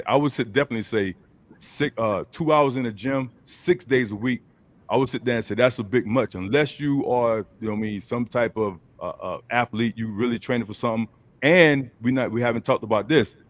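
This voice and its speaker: A man hosting a casual group chat over a video call, talking in a loose, colloquial coaching way. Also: mid-range voice. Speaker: host.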